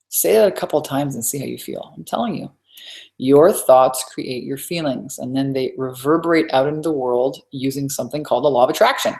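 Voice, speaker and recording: A woman's voice: deep voice, a little fast. A woman business coach teaching a live webinar in a chatty, emphatic way, repeating her key points. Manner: chatty, conversational asides.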